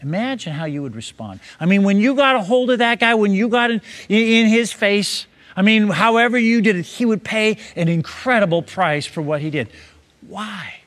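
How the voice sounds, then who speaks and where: A man's voice: high-pitched, lively intonation, moderate pace, a bit bright. A man preaching, building a long parable scene by scene and urging the listener to imagine it. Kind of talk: sermon told as a long parable.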